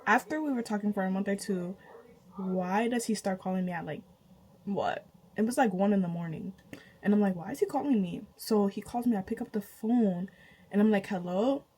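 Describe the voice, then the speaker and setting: A young woman tells a personal story straight to her viewers. She is animated and chatty, laughing often and jumping high in pitch with disbelief. Her voice sits at an ordinary middle pitch. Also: a little fast, husky, poor audio. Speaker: vlogger. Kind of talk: casual storytime.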